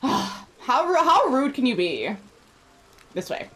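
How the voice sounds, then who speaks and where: A woman's voice: sits high, sing-song, slow pace, fairly bright tone. A woman streamer chatting casually while she plays, rambling and talking sweetly to her pets. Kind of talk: casual live-stream chat while gaming.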